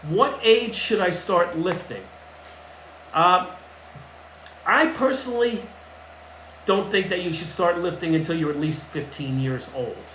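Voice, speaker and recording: A man's voice: sits high, a little slow, pauses often, fairly bright tone, slight background noise. Blunt, emphatic male fitness coach. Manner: blunt, emphatic, repeats key points. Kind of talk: casual advice talk to camera. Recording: echoey room with faint ambience.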